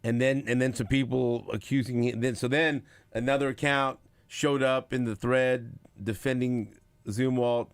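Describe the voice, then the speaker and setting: A man hosting a sports radio show, talking casually with big swings between loud bursts and quiet asides, acting out what others said. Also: medium pitch, moderate pace, few pauses, clear, resonant tone, dry recording. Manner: animated, swings loud and quiet, acts out quotes. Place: radio studio. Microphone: studio microphone.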